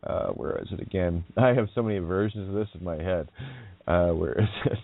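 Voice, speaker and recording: A man's voice: low-pitched, fairly quick. Man rambling over a tinny line. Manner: laughs often, profane, wordplay-heavy. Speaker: radio host. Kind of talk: casual rambling monologue. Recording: dry tinny phone-like line.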